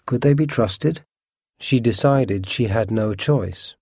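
A man narrates a storybook with expressive, shifting delivery. His voice is dark and slightly husky, recorded close in a dry, dead space. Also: medium pitch, takes it slowly, dry recording. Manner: expressive, lively reading. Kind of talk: storybook reading.

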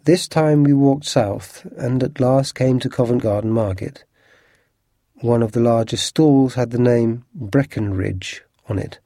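A man narrating an audiobook with a steady, clear scripted reading. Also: mid-range voice, unhurried, no room sound, clean studio sound.

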